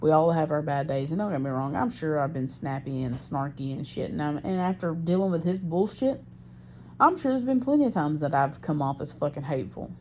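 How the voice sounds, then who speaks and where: A woman's voice: deep voice, animated, fairly quick, darkish tone, slight background noise. A woman recording a personal audio diary, venting her frustration about her partner and swearing heavily. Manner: profane, frustrated, heavy swearing. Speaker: diarist.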